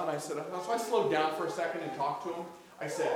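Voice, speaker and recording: A man's voice: on the high side, animated, quick pace. Man preaching in an echoey room. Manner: storytelling, acts out dialogue, asks the audience questions. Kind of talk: conversational sermon. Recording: echoey room with faint background noise.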